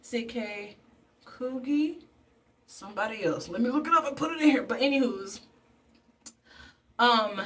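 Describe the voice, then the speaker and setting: A woman vlogger recapping a movie while painting her face, chatty and animated, slipping into voices for the characters. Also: fairly high pitch, unhurried, long pauses, recorded from a distance, a little hiss or hum. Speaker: beauty and movie review vlogger.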